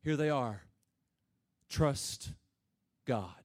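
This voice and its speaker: A man preaching a sermon, dropping low and slow, then building to loud, shouted emphasis. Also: lively intonation. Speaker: pastor.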